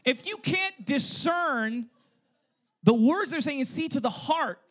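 A male pastor with an extremely high, fairly bright voice preaches slowly but with lively intonation at a church service. He puts rhetorical questions to the congregation and punctuates his points with "okay?" and "right?"

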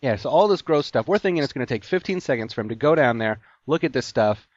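A man's voice: mid-range voice, lively intonation, fast talker. A man telling a long story in casual chat, rambling with lots of "like" fillers. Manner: rambling, heavy use of "like". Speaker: podcast co-host telling a story. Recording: dull lo-fi sound.

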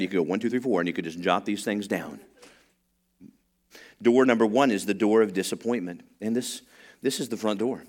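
A man preaching a sermon, swinging between quiet storytelling and loud excitement. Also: fairly low pitch. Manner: storytelling with rising excitement, many restarts. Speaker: pastor.

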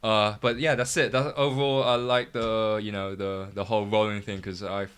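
A man giving casual, rambling feedback, full of likes and yeahs and quick laughs. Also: on the low side, flat delivery, fairly bright tone, clean tone. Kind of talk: casual chat.

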